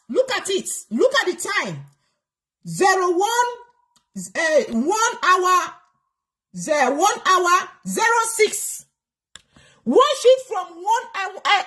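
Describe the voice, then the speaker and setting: Nigerian woman on a live show, really high voice, swings up and down a lot, fired up and scolding. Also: a bit bright. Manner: angry, scolding, mixes in Nigerian Pidgin. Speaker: host of a live call-in program. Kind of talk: heated live broadcast rant.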